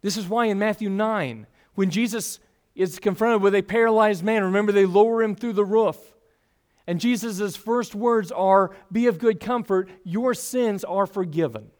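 A man's voice: high voice, normal speed, a little mellow. A man preaching a sermon, teaching earnestly with rising and falling emphasis.

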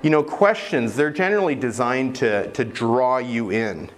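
A man's voice: medium pitch, a little slow, slight background noise. A man preaching a sermon in a conversational, self-deprecating way, with frequent hesitations. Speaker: pastor.

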